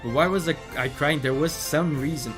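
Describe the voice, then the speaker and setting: A man's voice: fairly high pitch, normal speed, over music, lightly acted. A man reading aloud the lines of a shy, insecure young boy who thinks he's a frog, keeping close to his own voice. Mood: upset. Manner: reads game dialogue aloud in a mild, lightly acted tone.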